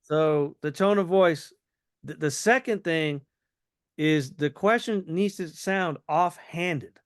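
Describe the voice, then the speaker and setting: A man with a slightly high voice coaches someone through a sales pitch, playing both sides of the exchange to show the phrasing. He keeps it loose and conversational. The recording is dry and close. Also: takes it slowly, clear, resonant tone, no room sound.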